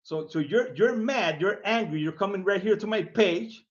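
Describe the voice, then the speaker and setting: A man's voice: high-pitched, expressive, normal speed, highs cut off. A man hosting his own video, mocking a commenter in a casual rant, laughing often and repeating himself with lots of "man". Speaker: video host.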